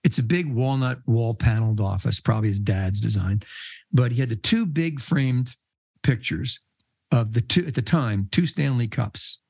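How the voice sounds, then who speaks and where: A man's voice: mid-range voice, moderate pace, a little mellow, husky, dry recording. An older man, a podcast guest, telling casual rambling anecdotes and laughing mid-sentence. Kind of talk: casual storytelling.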